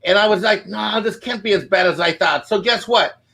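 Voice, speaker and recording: Fired up guy ranting on a panel show, really high sharp voice, swears a lot, kinda tipsy. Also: moderate pace, creaky, slightly rough. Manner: angry, swearing, repeats "you know what". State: a little tipsy from drinking. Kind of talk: heated fan rant on a live show.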